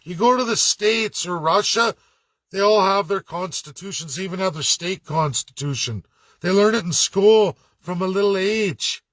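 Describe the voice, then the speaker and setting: A man's voice: high voice, moderate pace, fairly bright tone, no echo. A man ranting to camera in a blunt, sarcastic and profane way, mocking the voices of others. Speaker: political commentator. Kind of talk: angry rant to camera.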